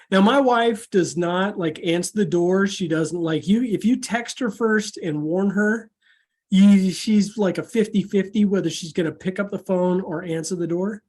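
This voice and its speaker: Man, guest speaker, call audio; animated storyteller who acts out quoted voices. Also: high voice, measured pace. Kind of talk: storytelling talk on a video call. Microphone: video call.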